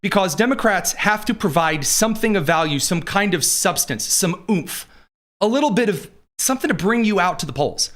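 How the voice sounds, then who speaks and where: Man, political talk host, sarcastic, rambling, slightly high voice. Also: animated, normal speed, a bit bright. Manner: sarcastic, digressive. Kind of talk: political commentary show.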